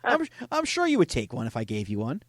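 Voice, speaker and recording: A man hosting a podcast, casually retelling chat conversations with a deadpan, joking manner. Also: mid-range voice, fast, no room sound. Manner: deadpan retelling, frequent "I go, she goes". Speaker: podcast host reading scam chats.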